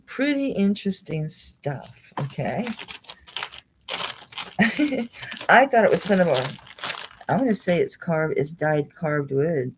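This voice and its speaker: Woman with a very low voice and an animated, bouncy delivery, rambling chatty live-sale host. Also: measured pace, slight background noise, poor audio. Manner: rambling, chatty, thinks aloud, laughs often, talks to viewers by name. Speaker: online jewelry seller hosting a live sale. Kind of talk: casual live-stream selling chat.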